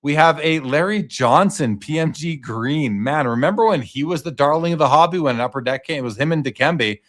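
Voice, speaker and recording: A man hosting a live auction stream in a relaxed, chatty way. He reads out card grades and prices, gives quick verdicts, and passes questions to his guest. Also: a little high. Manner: casual, reads out lot details and asks the guest questions. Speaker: host.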